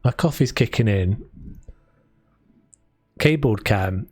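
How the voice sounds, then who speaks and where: Recorded at studio quality with no room sound, a man with a mid-range, expressive, slightly mellow voice talks a little slowly. He's from South London, with a London accent, rambling chattily on a live stream and restarting often while building in a game.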